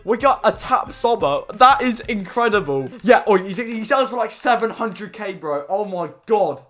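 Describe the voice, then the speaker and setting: A young man giving excited commentary while opening packs in a football video game, full of loud, laughing outbursts. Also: high voice, moderate pace, soft background music. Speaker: gaming YouTuber.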